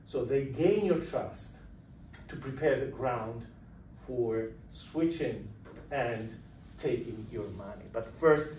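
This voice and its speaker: A man giving a university lecture, explaining lively and putting questions to his students in a lecture room. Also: mid-range voice, distant mic. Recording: echoey room recorded from afar, faint noise.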